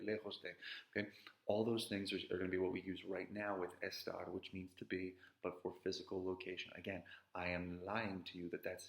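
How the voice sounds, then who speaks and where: A man with a low, gravelly voice walks students through a grammar review. He talks conversationally and keeps checking in with "right?". The sound carries an echo from the room. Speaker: Spanish teacher. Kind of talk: recorded grammar review lesson.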